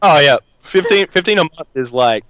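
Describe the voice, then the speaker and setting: A man's voice: on the high side, normal speed, no echo. A man hosting a podcast, chatting casually and telling stories with lots of laughter. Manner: animated, laughs often, storytelling. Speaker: podcast host.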